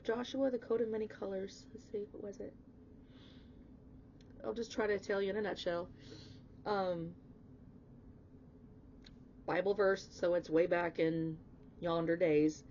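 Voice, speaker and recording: A woman's voice: mid-range voice, dark tone, lo-fi sound, slight background noise. A woman giving a casual spoken tarot reading, emphatic and chatty, swearing bluntly and swinging into emotional outbursts. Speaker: tarot reader.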